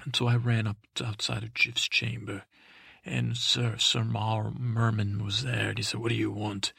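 A man improvising a rambling comic tale as a dim, timid boy prince, halting and mixing up names. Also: fairly low pitch, flat delivery, gravelly, sharp tone, breathy edge, no echo, studio quality. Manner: halting, full of restarts and mixed-up names. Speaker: comedic storyteller.

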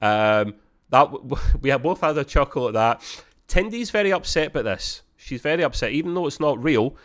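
A man co-hosting a casual review podcast, rambling with many ums and acting out quotes in high voices. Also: expressive, a little fast, fairly bright tone. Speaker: podcast co-host.

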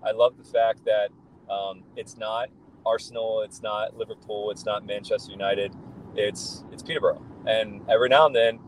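Low-voiced man, chatty and enthusiastic. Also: fairly even intonation, moderate pace, a little hiss or hum, poor audio. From United States. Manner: rambling, enthusiastic storytelling with many fillers. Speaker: guest, football fan. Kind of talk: casual podcast chat.

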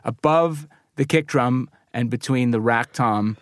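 Male engineer guest, mid pitch, meandering anecdotal delivery, dry close mic. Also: measured pace, dry recording. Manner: rambling anecdotes with laughs and restarts. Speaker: recording and mixing engineer, guest. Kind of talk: casual interview chat.

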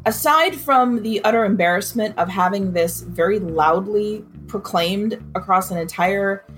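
A woman's voice: medium pitch, measured pace, faint music behind. A woman recounting a personal ordeal in an interview, acting out what others said. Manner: expressive, acts out quoted voices.

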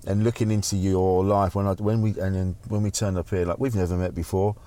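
A man's voice: low-pitched, flat delivery, brisk, dark tone. A man hosting a casual chat, enthusiastic and swearing, laughing often. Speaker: comedian host.

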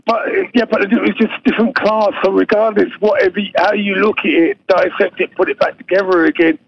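A man's voice: high voice, expressive, a little fast, vocal fry. A man in his fifties from England, guesting on a sports podcast, who laughs easily and repeats himself. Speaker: guest boxer. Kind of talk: casual interview chat. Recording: dull lo-fi line, faint noise.

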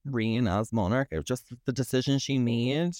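A man's voice: mid-range voice, moderate pace, no room sound, studio quality. A man, co-hosting a podcast and ranting in casual, sweary chat. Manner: sweary, ranting, animated storytelling. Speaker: podcast co-host.

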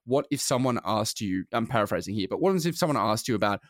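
A man's voice: lowish voice, expressive, fast, a bit bright, no room sound, studio quality. A man, co-hosting a podcast in casual chat, rambling with many fillers and restarts. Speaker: podcast co-host.

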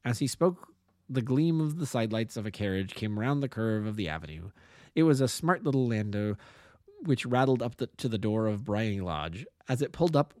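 A man's voice: mid-range voice, mellow, no echo, studio quality. A man, an amateur narrator, reading a classic detective story aloud and now and then correcting small slips.

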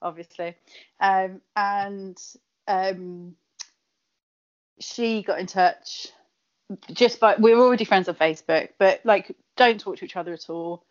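A woman's voice: medium pitch, fairly even intonation, measured pace. Woman, Kent accent, casual chat, giggly, lots of ums, slightly dull audio. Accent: Kent English. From Kent, England. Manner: chatty, giggly, lots of fillers and restarts.

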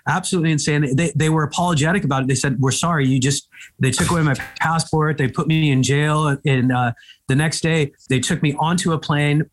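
A slightly high, husky male voice tells an animated story as a comedian guest in an interview. He grew up in Egypt and throws in quick asides as he talks.

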